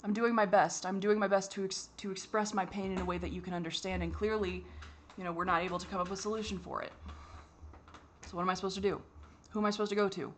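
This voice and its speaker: A woman giving a candid personal monologue for her vlog, halting and frustrated, with many restarts and fillers and the odd swear. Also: medium pitch, little pitch movement, slight background noise. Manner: swears when exasperated. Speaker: vlogger.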